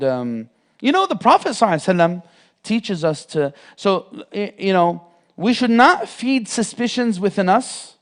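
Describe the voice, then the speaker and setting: Man giving a mosque class lecture, high-pitched voice, lively delivery that slips into acted-out voices. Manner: animated, acts out imagined speakers, frequent fillers. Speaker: Islamic teacher.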